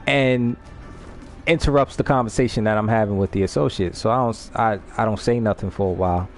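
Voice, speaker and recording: A man hosting a live stream, telling a story in a casual, animated way, swearing freely and often repeating words as he restarts. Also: fairly low pitch, a little fast, faint music behind. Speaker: livestream host.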